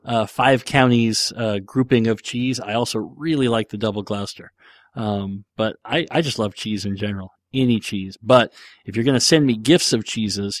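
A man's voice: medium pitch, dry recording, studio quality. A man hosting a podcast, casually answering listener questions in a rambling, joking way with lots of fillers. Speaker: podcast host.

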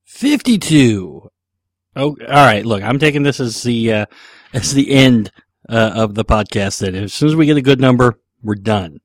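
A man's voice: mid-range voice, normal speed, slight background noise. Rambling, jokey man hosting a podcast. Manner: rambling, jokey, lots of fillers. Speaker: podcast host. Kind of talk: casual podcast Q&A.

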